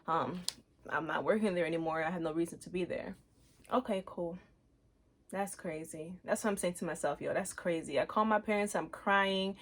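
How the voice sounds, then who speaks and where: Woman telling her story in casual slang. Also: brisk. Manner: acts out her own quoted words with lively pitch jumps; casual slang, relaxed everyday phrasing. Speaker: host sharing a personal testimony.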